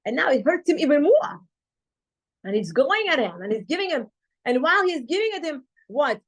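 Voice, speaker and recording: A woman teaching a Torah class, retelling a story with lively acted-out dialogue. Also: high-pitched, a little fast. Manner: animated retelling, acting out quoted dialogue.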